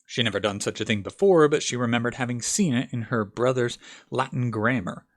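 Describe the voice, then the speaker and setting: Man reading an audiobook, lively pitch. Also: brisk. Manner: first-time reading, with stumbles and restarts. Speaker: audiobook narrator.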